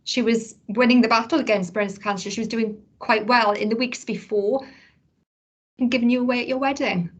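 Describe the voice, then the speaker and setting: A woman interviewer gently prompting a guest with leading remarks. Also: fairly high pitch, steady tone, moderate pace.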